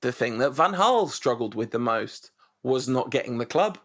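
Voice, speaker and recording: A man co-hosting a football podcast, talking in an animated, rambling way and often correcting himself. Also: medium pitch, a little slow. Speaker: podcast co-host. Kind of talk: casual football chat.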